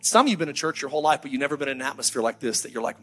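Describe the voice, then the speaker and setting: A man preaching a sermon to his congregation as pastor, swinging from fiery calls to soft, intimate appeals. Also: medium pitch, lively intonation, racing, slightly rough, faint music behind. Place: church hall before a congregation.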